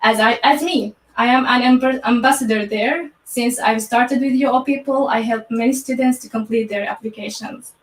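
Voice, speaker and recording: Halting Syrian woman, echoey and distant. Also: on the high side, fairly even intonation. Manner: halting, with many restarts and repeated words. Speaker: graduate guest. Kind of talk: live online interview.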